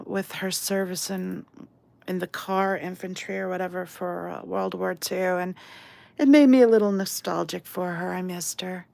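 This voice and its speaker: A woman's voice: mid-range voice, creaky, no room sound. A woman hosting a casual live stream while painting, chatty and self-deprecating, reading chat aloud. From outside England. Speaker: livestream host.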